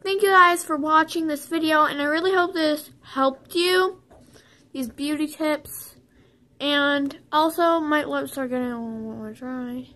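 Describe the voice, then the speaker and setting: A young woman talks through a tongue-in-cheek beauty tutorial, high in pitch and taking her time over every word. She rambles playfully, restarts her sentences and jokes as she goes. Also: unhurried, sharp tone. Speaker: vlogger.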